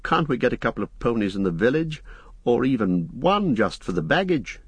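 A worried young hobbit pleads anxiously, as a male audiobook narrator puts him on. The voice sits a little above the narrator's own and keeps its husky grain. The reading is dry and close. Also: mid-range voice, big pitch swings, moderate pace, dry recording. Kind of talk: audiobook character voice.

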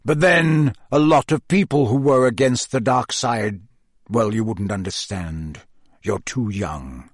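A man's voice: no echo, studio quality, close to an everyday voice. A man doing a grim, brooding wizard fugitive. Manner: low, measured and bitter.

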